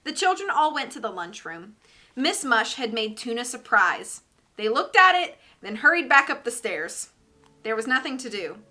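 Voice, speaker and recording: A woman streamer reading a children's book aloud, lively and doing character voices. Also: on the high side, moderate pace.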